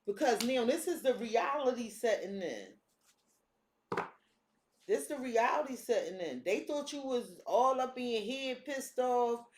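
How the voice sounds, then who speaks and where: A woman's voice: fairly high pitch, lively intonation, unhurried, noisy background. A woman doing a casual tarot reading, talking bluntly and cursing freely. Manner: blunt, profane, streetwise talk. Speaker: tarot reader. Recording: echoey room.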